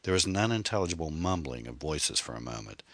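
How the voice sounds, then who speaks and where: Deep-voiced man, bright tone, dry close sound, audiobook narration, measured. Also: big pitch swings, no echo. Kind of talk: scripted narration.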